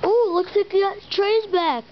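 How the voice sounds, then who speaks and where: A woman's voice: extremely high pitch, measured pace, voice pushed up. A woman voicing a snarky food court visitor who mocks and exclaims. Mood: taunting. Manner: mocking, exclaiming. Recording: dull lo-fi recording with loud hiss and clicks.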